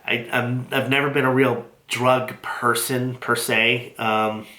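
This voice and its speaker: A man recording a casual personal video diary, halting and heartfelt, with many fillers and restarts. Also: medium pitch, flat delivery, bright, forceful tone, reverberant. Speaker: vlogger sharing his cancer treatment. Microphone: built-in device mic after lapel mic failed.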